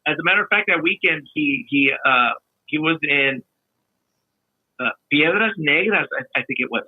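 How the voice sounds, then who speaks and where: A man, a podcast guest, chatting casually in a relaxed way with many restarts. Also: a little high, moderate pace, husky, no echo. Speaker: podcast guest, musician and video maker. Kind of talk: casual chat. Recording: tinny phone-line sound.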